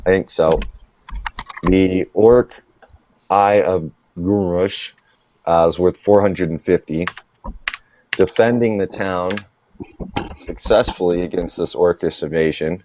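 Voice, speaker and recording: Low-voiced slow game master man. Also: a little mellow, slight background noise. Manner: unhurried, tallying rules and experience points. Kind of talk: narrating a tabletop game. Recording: dull lo-fi dry sound.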